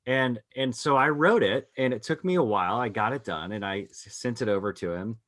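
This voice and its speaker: A man co-hosting a podcast, telling a long personal story in casual conversation, animated and full of restarts. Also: medium pitch, a little fast, no room sound, clean studio sound. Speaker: podcast co-host.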